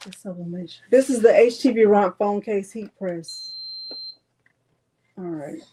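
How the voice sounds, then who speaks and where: A woman's voice: medium pitch, unhurried, warm tone, a little hiss or hum. A woman with a Southern US accent hosting a casual crafting livestream, thinking aloud and joking with viewers. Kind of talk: casual live chat.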